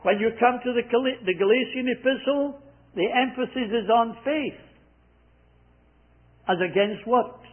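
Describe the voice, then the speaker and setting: A man preaching a sermon, repeating scripture lines slowly and with emphasis. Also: very high-pitched. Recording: tinny phone-like sound.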